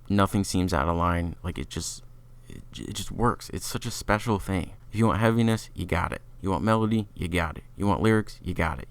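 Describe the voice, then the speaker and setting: Gravelly deep-voiced man. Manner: opinionated, chatty, filler-heavy. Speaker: music reviewer. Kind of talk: casual album review.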